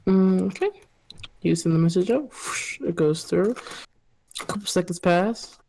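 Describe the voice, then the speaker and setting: A woman's voice: on the low side, measured pace, creaky, warm tone, a little hiss or hum. A woman narrating as game master of a tabletop game, easygoing and laughing as she rules.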